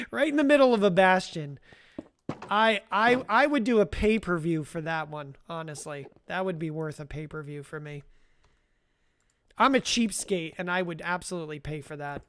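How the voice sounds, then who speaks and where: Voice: medium pitch, normal speed, fairly bright tone, clear, resonant tone. Chatty livestreamer talking to chat. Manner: chatty, talks to chat viewers by name; rambling with frequent restarts and self-amused laughs. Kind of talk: casual live gameplay commentary.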